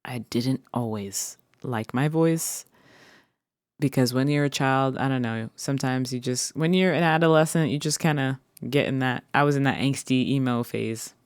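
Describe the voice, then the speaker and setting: In a casual solo chat on her own vlog, a woman with a bass voice and clean tone rambles playfully and draws out her words to viewers. The audio is studio quality with no echo, listened to through headphones.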